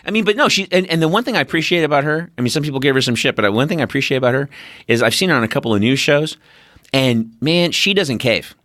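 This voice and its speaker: A middle-aged man in casual podcast chat, his pitch swinging widely as he tells stories. He slips into voices for the people he quotes and swears freely. The sound is dry and close. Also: lively intonation, quick pace, a bit bright, no echo. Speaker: podcast host.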